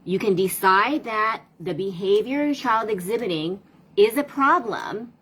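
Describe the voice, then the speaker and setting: A woman's voice: mid-range voice, lively intonation, unhurried, fairly bright tone, husky, rough recording. A woman parent coach talking casually to viewers on a live stream, asking rhetorical questions and replying to comments.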